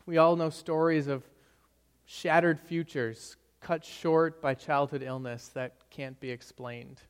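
A man's voice: fairly high pitch, big-room sound. A young man preaching a sermon in a conversational storytelling manner, often checking in with "right?". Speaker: pastor.

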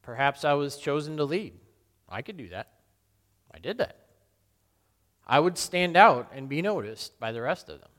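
A man playing Peter, a remorseful, brash fisherman and apostle, in a slow, brooding first-person monologue with sudden loud outbursts. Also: on the high side, big pitch swings. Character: remorseful middle-aged fisherman apostle, brash, guilt-torn. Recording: long hall reverb.

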